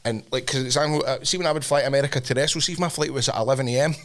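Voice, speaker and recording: A Scottish man co-hosting a podcast, telling a story in animated casual chat, swearing now and then. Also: medium pitch, very fast. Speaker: podcast co-host.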